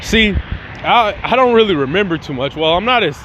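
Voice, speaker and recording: A man's voice: high-pitched, expressive, fairly quick, a bit bright. A young man casually narrating a fan story as channel host, rambling and slangy with a lot of swearing. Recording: dull lo-fi sound with faint noise.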